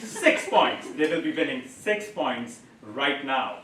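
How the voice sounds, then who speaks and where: A man's voice: medium pitch, very animated, takes it slowly, fairly bright tone, recorded from a distance, a little hiss or hum. A man hosting a live comedy game show on stage, explaining the rules playfully and laughing at his own made-up scoring. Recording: echoey room picked up from afar.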